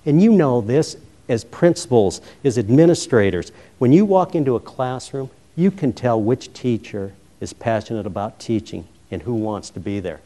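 Middle-aged guy from colorado doing a keynote, funny storyteller acting out the dialogue, handheld mic, normal male pitch. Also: normal speed. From Colorado, USA. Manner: humorous, animated storyteller who acts out dialogue. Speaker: keynote speaker, former high school principal. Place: conference hall. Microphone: roving handheld mic.

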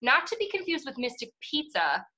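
A woman's voice: high voice, big pitch swings, brisk, pushed and bright, low-quality recording. A young woman from the Boston area co-hosting a podcast, chatting casually, emphatic and laughing often. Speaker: podcast co-host.

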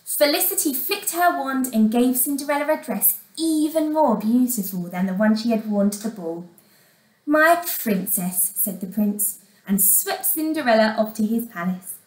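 A woman teacher reading a storybook aloud to young children in an expressive way, sometimes asking them questions. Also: on the high side, normal speed, echoey room, distant mic, low-quality recording. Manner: expressive, asks the listeners questions. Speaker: primary school teacher.

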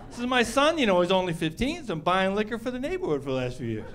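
A middle-aged man doing stand-up comedy on a club stage, animated and acting out the people in his stories. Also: high-pitched, fast, crowd noise. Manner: animated, acts out characters.

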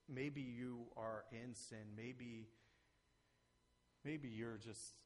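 A man preaching a sermon as pastor, earnest and conversational, rising to emphatic peaks and then dropping soft. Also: mid-range voice. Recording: long reverb of a church hall.

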